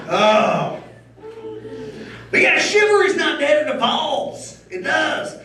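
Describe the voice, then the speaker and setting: A middle-aged man doing a loud, crude, crowd-baiting stand-up comedy set on a club stage. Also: very high-pitched, sing-song, takes it slowly, pauses often, noisy background. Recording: roomy club sound from a distance.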